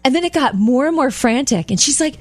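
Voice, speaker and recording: Lively woman telling stories on air. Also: fairly quick, no room sound. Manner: animated storyteller, acts out quotes in high voices. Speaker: co-host. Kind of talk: casual radio show chat.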